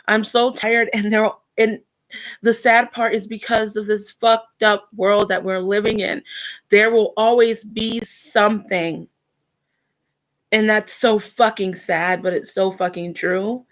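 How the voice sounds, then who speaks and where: A young adult woman talking in a casual personal vlog, reflective and earnest, often pausing and restarting. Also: mid-range voice. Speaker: vlogger.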